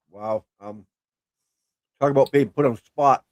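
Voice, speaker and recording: A man's voice: medium pitch, a little hiss or hum. A man co-hosting a casual live stream, joking and self-deprecating. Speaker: show co-host.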